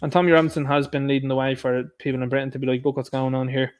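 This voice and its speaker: A man's voice: mid-range voice, level tone, racing, smooth. A man hosting a livestream, chatting casually and reading out viewers' comments and answering them. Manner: chatty, talks back to chat comments. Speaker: livestream host.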